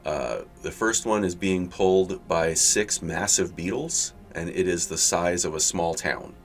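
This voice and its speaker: A man narrating a tabletop game as game master, halting and full of fillers. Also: low voice, vocal fry, faint music behind.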